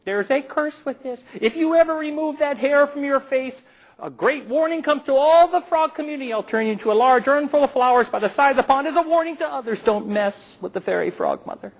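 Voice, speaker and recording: A man's voice: lively intonation, brisk. A man voicing a grand female fairy frog mother who whoops, cackles and lays down a curse. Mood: threatening. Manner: whooping, shrill and commanding.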